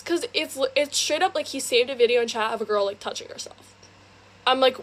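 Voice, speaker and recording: Chatty young woman with a higher voice. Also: fairly bright tone, slight background noise. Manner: chatty, fast, heavy use of "like". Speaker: storyteller. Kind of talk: casual storytime vlog.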